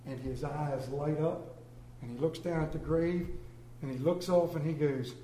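A pastor who tells stories emotionally in a church sermon, swinging from hushed to booming. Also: male voice, normal speed, a little hiss or hum. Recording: roomy church echo.

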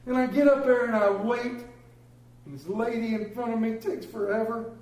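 Preacher guy spinning funny stories in a sermon, kinda high voice, echoey church. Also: steady tone, moderate pace, darkish tone, a little hiss or hum. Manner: folksy storytelling with comic exaggeration. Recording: echoey room.

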